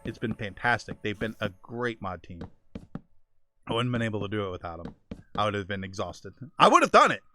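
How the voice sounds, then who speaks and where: A man's voice: on the low side, steady tone, fairly quick, bright, forceful tone, faint music behind. A man streaming a game, chatting casually and praising friends, with frequent restarts. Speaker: gaming streamer. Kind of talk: casual chat.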